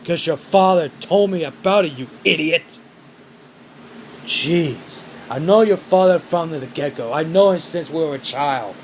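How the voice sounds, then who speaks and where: A man doing a gruff mocking villain mentor. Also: on the high side, a little slow, a little hiss or hum, poor audio. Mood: scolding. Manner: mocking, scolding, calls the boy kiddo.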